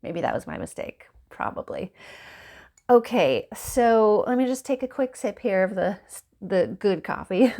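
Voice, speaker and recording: A woman's voice: mid-range voice, very animated, a little slow, mellow. A woman in a casual chat at home by a window, talking in a rambling, chatty way and laughing often. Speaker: book vlogger.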